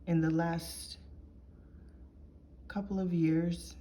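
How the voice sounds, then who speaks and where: A woman shares her life story in a confessional, heartfelt way. Her voice sits a little low, and she takes her time with each thought. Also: little pitch movement, extremely slow, mellow. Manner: earnest, reflective, heartfelt.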